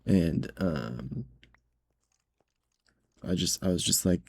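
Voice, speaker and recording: A man with a low, mellow voice rambles through a casual storytime vlog, leaning on "like" and "right?" as he goes. His tone is slightly husky and nervous-indignant, and the sound is dry and close. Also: expressive, takes it slowly, dry recording. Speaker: grocery cashier.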